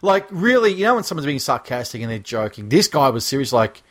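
A man's voice: medium pitch, big pitch swings, quick pace, a bit bright. A man co-hosting a podcast in casual chat, ranting with sarcasm and plenty of swearing. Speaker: podcast co-host.

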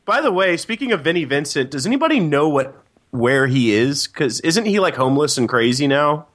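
A man's voice: on the high side, big pitch swings, brisk, fairly bright tone. Laughing man telling rambling stories. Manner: laughs often, rambling anecdotes. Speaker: podcast co-host. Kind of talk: casual chat.

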